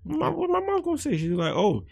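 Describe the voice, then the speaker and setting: A man's voice: extremely high pitch, huge pitch swings, fast talker, creaky. A young man co-hosting a podcast, chatting casually and animatedly, swearing and acting out the voices he quotes. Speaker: podcast co-host.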